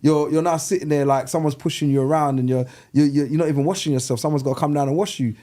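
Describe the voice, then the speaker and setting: A man's voice: fairly high pitch, fast talker. A man, co-hosting a casual group chat and telling stories animatedly. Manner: animated storyteller, acts out his own past words. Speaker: podcast co-host.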